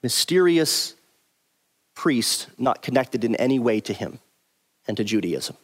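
A man's voice: medium pitch, animated, unhurried. A man teaching through a Bible passage verse by verse, stressing and repeating his key points emphatically.

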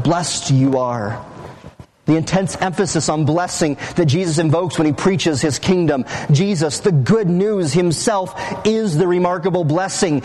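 Man preacher, slightly higher voice, emphatic teaching sermon, slows to stress key words. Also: a little mellow, low-quality recording. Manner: emphatic, teacherly, with slow stressed phrases and quick asides. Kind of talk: expository sermon.

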